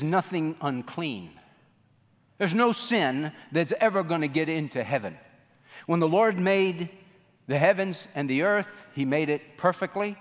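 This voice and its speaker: A man's voice: on the high side, in a large hall. A man preaching a sermon, quoting scripture emphatically and asking the congregation rhetorical questions.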